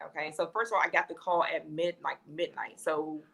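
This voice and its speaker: A woman's voice: low voice, brisk, creaky. A middle-aged woman in a casual interview, telling a story expressively and acting out what people said. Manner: expressive, acts out quotes. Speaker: guest, wife.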